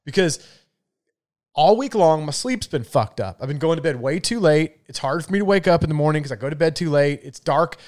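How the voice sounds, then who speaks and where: A man's voice: fairly high pitch, expressive, brisk, darkish tone. A man co-hosting a casual podcast, ranting and swearing freely. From Florida, USA. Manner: profane, ranting, exasperated. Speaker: podcast co-host.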